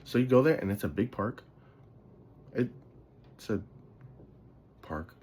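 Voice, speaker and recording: A sleepy man talks on his podcast in a lowish voice, wandering off track and swearing offhandedly. He sounds drowsy and yawns between thoughts. A faint background noise sits under the recording. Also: expressive, slow pace, a little mellow. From the Bronx, New York. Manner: rambling, loses his thread, swears casually. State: sleepy, yawning a lot. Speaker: podcast host. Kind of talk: casual storytelling monologue.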